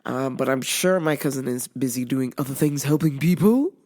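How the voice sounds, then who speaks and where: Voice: mid-range voice, lively intonation, normal speed, warm tone. A podcast host in casual solo chat, rambling and exasperated, with frequent swearing.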